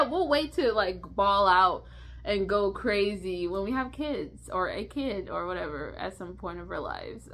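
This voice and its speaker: A woman's voice: medium pitch, fairly bright tone. A young woman talks to her viewers in a loose, unscripted vlog. She rambles from thought to thought, stumbles and restarts words, and laughs often as she goes. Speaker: vlogger. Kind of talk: casual unscripted vlog chat.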